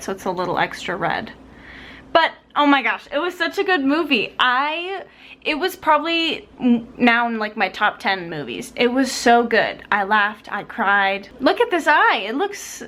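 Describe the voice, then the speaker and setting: A woman's voice: fairly high pitch, fairly bright tone. A young woman vlogging casually to her camera, chatty and bubbly, rambling through her day. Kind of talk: casual vlog talking to camera. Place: at home indoors.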